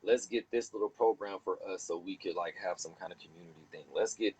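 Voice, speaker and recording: A man hosting a heated casual discussion, animated and profane, preaching and acting out other people. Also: sits low, quick pace, husky, rough recording.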